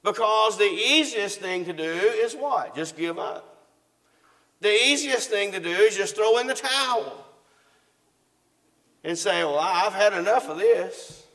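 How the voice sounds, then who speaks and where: Man, preacher, sermon, questions the congregation, gravelly, long hall reverb. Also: high-pitched, lively intonation, measured pace, long pauses, pushed and bright. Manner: asks the congregation questions and answers them; reads scripture aloud.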